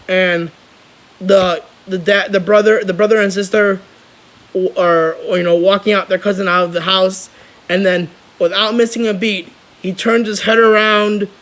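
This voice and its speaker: High-voiced young man rambling excitedly. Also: poor audio. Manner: rambling, excitable, frequent restarts. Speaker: vlogger. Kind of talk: casual chat.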